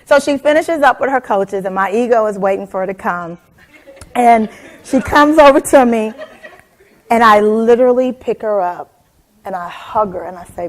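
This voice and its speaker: A woman in her forties telling a personal story in a lively keynote talk, calling out to audience members by name. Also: fairly high pitch, moderate pace. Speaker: motivational speaker.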